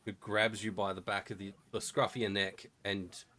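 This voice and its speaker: Low-voiced man running a tabletop game. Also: little pitch movement, normal speed, sharp tone. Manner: casual, rambling narration with many fillers. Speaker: game master.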